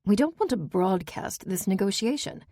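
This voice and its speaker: A woman's voice: mid-range voice, big pitch swings, moderate pace, darkish tone, no echo, studio quality, voice pushed up. A woman reading an audiobook, voicing a curt, cool-headed middle-aged aunt. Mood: sharp.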